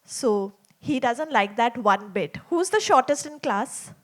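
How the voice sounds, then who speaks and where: A woman's voice: on the high side, expressive, measured pace. A woman telling a story to young children in a small theater, chatty and asking them lots of questions.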